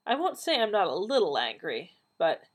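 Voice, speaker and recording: A woman voicing a feisty, quick-tempered young woman in a storybook reading. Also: medium pitch, wildly swooping pitch. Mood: spirited. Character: feisty red-haired young British woman.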